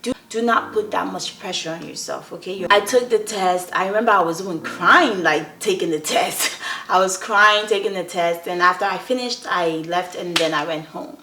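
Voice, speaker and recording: Young woman, earnest story time vlog, bright voice, roomy echo. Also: mid-range voice. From Nigeria. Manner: earnest, often checks in with viewers. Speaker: vlogger.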